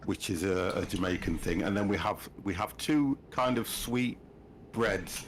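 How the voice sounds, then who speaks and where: Man, fifties, stream host, deep voice, teasing casual chat, game noise behind. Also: a little slow. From United Kingdom. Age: 50s. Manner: chatty, laughs often, teasing. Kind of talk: casual chat while gaming. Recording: noisy game-stream audio.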